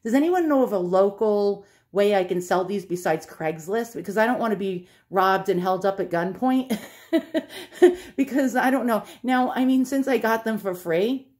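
A woman's voice: mid-range voice, moderate pace, a little mellow. A middle-aged woman vlogger chatting casually to camera, rambling with many fillers and little laughs.

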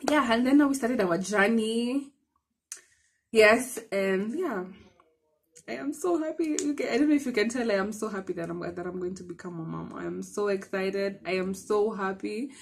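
A young woman with a Kenyan accent, telling a personal story to her viewers in an excitable, chatty way. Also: medium pitch. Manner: chatty and excitable, mixing in Swahili, many restarts. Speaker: vlogger. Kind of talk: casual storytelling to camera.

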